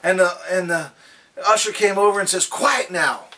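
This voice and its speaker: A man's voice: high-pitched, fairly even intonation, fairly quick, sharp tone, far from the mic. A man giving a daily devotional talk and telling folksy stories. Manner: folksy anecdotal storytelling. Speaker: devotional speaker.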